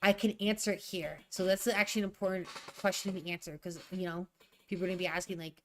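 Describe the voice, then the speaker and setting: A woman's voice: lowish voice, fairly even intonation, quick pace, a little hiss or hum. A young woman thinking aloud while she edits a draft, rereading her sentences and ranting in asides. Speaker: writer streaming a writing session.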